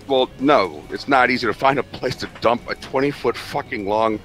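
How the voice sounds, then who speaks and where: A man's voice: medium pitch, moderate pace, faint music behind. A middle-aged man, a truck driver, telling a rambling, profane story in casual chat. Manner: profane, animated, rambling delivery.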